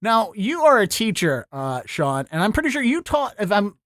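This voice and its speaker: A man's voice: sits high, big pitch swings, normal speed, fairly bright tone, no room sound, studio quality. A man hosting a casual comedy podcast, joking and riffing with his guest. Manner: joking, riffs into mock bits. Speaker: podcast host.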